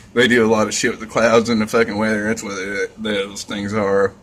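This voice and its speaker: A man's voice: fairly low pitch, little pitch movement, normal speed, a bit bright. A man ranting in a casual vlog, rambling and scornful, swearing constantly. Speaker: vlogger.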